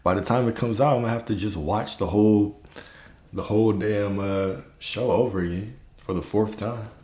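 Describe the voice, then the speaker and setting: A man with a fairly low voice leads a livestream as a spiritual coach, speaking in a relaxed, repetitive way. He often poses rhetorical questions and checks in with a quick "okay?". The recording has a roomy echo that clearly colors his voice.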